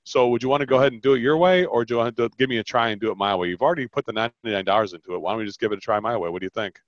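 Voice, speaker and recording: A man coaching on a podcast, animated and quick, often acting out customer lines as he explains sales talks. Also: mid-range voice, no echo, muffled recording. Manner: animated, fast-talking, acts out customer lines.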